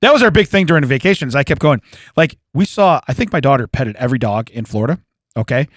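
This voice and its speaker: A man's voice: mid-range voice, animated, fast talker, no room sound. A man in his forties, a podcast co-host, telling stories in casual chat, laughing often and acting out the quotes.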